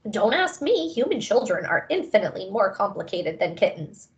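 A woman's voice: medium pitch, sing-song, moderate pace, a little hiss or hum, lightly acted. Woman doing dry talking cat, matter-of-fact, lo-fi storybook. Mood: wry. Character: imaginary talking cat, wry and calm.

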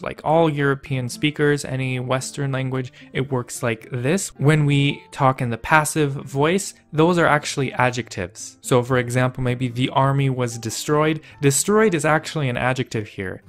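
Playful man explaining grammar over soft guitar. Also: mid-range voice. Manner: playful, self-mocking explainer. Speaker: language teacher. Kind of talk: casual educational video.

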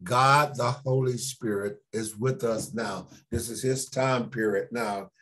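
A man pastor teaching a church Sunday school class, unhurried, repeating key words for emphasis and putting questions to the class. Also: medium pitch, steady tone, fairly bright tone, slightly rough.

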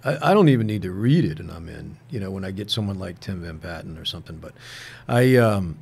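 A man with a low, gravelly voice recounts stories as a guest in a relaxed interview. He talks earnestly and haltingly, restarts his sentences often, and keeps dropping a casual "man". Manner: earnest, halting, retells anecdotes with frequent restarts; peppers speech with "man". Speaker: guest actor.

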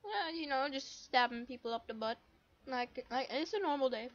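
A woman chats her way through a game, playful and silly, tossing in sound effects. Her voice is high and bright, and it swoops all over the place. She takes her time, and the mic sounds dull and lo-fi. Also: expressive, moderate pace, slight background noise. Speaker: gamer. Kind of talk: casual gameplay commentary.

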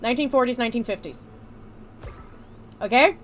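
A woman's voice: on the high side, fairly quick, a little hiss or hum. A woman hosting a casual gaming chat, telling stories playfully. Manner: playful, animated storytelling. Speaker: host.

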